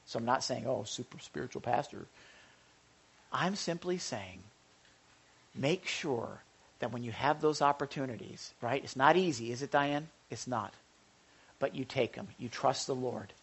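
A man's voice: medium pitch, measured pace, husky. A male pastor giving a conversational sermon, with joking asides to the congregation and frequent stammered restarts.

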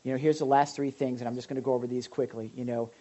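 Animated male pastor acting out scenes. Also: very fast. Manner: animated, acts out scenes with sudden loud high outbursts. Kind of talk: sermon talk with audience sharing.

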